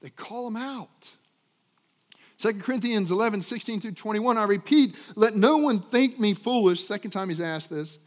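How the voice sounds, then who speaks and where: A man preaching a sermon with dynamic delivery, swinging from loud emphatic peaks to low trailing phrase ends. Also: animated, moderate pace. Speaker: pastor. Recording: long hall reverb.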